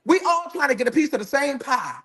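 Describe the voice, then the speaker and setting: High-voiced sassy man telling a story. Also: brisk. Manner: sassy, profane, animated. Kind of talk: comedic storytelling.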